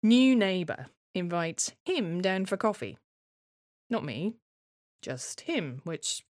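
A woman's voice: on the low side, sing-song, slow, darkish tone, no room sound, studio quality. A woman performing a scripted first-person monologue in a wry, reflective, conversational way.

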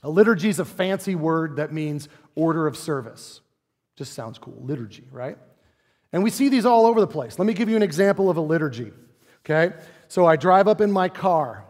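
A man's voice: a little high, animated, brisk, a little mellow. Man preaching in a reverberant hall. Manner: conversational preaching with rhetorical questions and playful asides. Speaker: pastor. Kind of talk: sermon. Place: church sanctuary.

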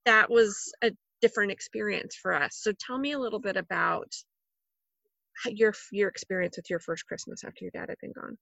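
A woman's voice: medium pitch, fairly quick, gravelly, bright, forceful tone, no room sound. A woman in her forties hosting a conversation, asking empathetic, rambling questions. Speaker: podcast host. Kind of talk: interview chat. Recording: dry, muffled lo-fi audio.

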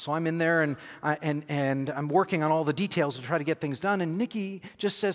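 A man preaching, telling a personal story with animated, self-deprecating humor and acting out scenes. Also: a little high, brisk, few pauses, in a large hall. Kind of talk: sermon storytelling.

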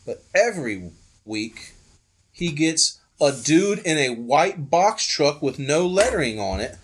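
A man's voice: fairly high pitch, measured pace, slightly rough. A man, a podcast host, telling a story in casual chat, swearing freely and acting out the dialogue. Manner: animated, profane, acts out dialogue.

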